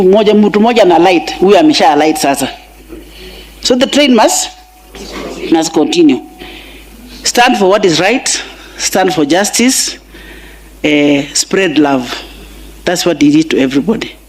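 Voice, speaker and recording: A woman's voice: fairly low pitch, animated, a little slow, long pauses. A middle-aged Kenyan woman with a Kenyan accent giving an emotional eulogy for her husband and mixing in Swahili phrases. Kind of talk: funeral eulogy speech. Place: large funeral gathering.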